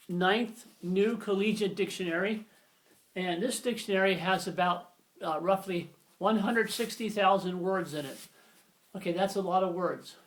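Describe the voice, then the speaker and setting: A man in his sixties giving a casual, rambling video lesson on grammar, self-deprecating and full of fillers and restarts. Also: sits high. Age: 60s. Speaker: video lecturer.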